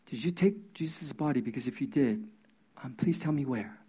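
A preacher voicing a soft, pleading grieving woman. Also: medium pitch, lively intonation, moderate pace, slightly rough, voice pushed down. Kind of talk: sermon scripture reading.

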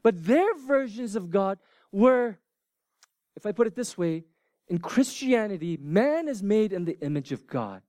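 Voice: mid-range voice, big pitch swings, unhurried, warm tone, no echo. Pastor giving a sermon, voice jumps up and down a lot, keeps asking the crowd questions, pretty dry sound. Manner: asks the congregation rhetorical questions; conversational preaching with pop-culture asides.

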